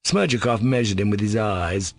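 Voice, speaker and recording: Male audiobook narrator, low pitch, dry close mic, measured steady delivery. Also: no room sound. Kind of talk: scripted narration.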